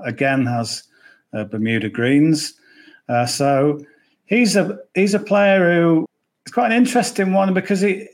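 A man with an English accent, a golf betting pundit chatting casually on a podcast, rambling with jokey asides. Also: a little high.

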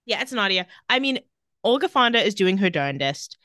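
Woman podcast cohost retelling tv scenes, lively up and down voice, dry close sound. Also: mid-range voice, no room sound. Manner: retells scenes with quick quoted lines and dry asides. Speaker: podcast co-host recapping a TV episode. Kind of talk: casual chat.

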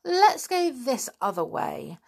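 A woman's voice: high voice, sing-song, slow, vocal fry, a little mellow, voice pushed up, full character voice. A woman voicing a polite, cautious young girl in a storybook reading. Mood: eager.

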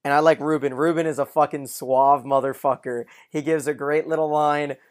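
A man's voice: fairly high pitch, fairly even intonation, moderate pace. Enthusiastic man recapping favorite scenes. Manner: enthusiastic, retells scenes with quoted lines. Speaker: podcast co-host. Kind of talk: casual chat recapping a TV episode.

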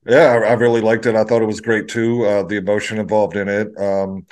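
A man's voice: on the low side, level tone, brisk, darkish tone. A man co-hosting a casual wrestling podcast, agreeable and easygoing, chiming in with short assents. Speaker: podcast co-host.

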